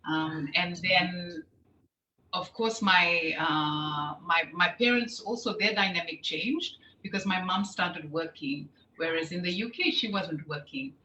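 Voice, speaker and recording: A middle-aged woman from Fiji recounts her childhood in a lively interview, her voice bright and forward. The room is echoey, with a faint hum of noise behind her. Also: fairly low pitch. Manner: lively, animated storytelling with laughs. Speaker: interview guest, show host. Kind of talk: casual interview storytelling.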